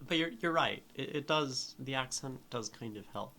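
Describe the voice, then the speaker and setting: A man's voice: medium pitch, animated, a little slow, creaky, fairly bright tone, slight background noise. A man streaming live, reading a poem aloud and then picking apart its meter and syllables. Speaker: streamer critiquing poetry.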